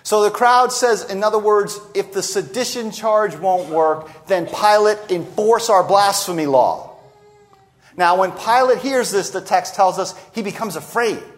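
High-voiced man preaching a sermon. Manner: expository preaching, acts out quoted lines, slows for emphasis.

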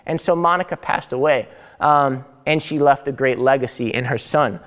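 A young man telling a long personal story in a lecture, animated and conversational, often checking in with his listeners. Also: mid-range voice, normal speed, in a large hall. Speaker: teacher.

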